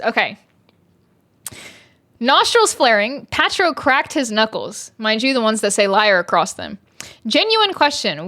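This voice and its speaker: A woman's voice: fairly high pitch, sing-song, unhurried, a bit bright. A young woman, a streamer reviewing a book in casual chat, exasperated and sarcastic, swearing often. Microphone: streaming mic.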